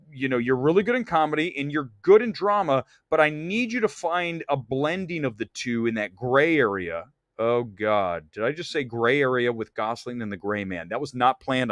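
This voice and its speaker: A man hosting a casual movie talk livestream, rambling and animated, slipping into quick impressions. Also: mid-range voice, dry recording, studio quality. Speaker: host of a movie talk stream.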